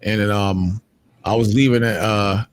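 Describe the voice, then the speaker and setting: A man's voice: fairly low pitch, unhurried, clear, resonant tone. A man telling street stories in casual chat, acting out others' lines in raised voices. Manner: animated, acts out street dialogue in raised voices.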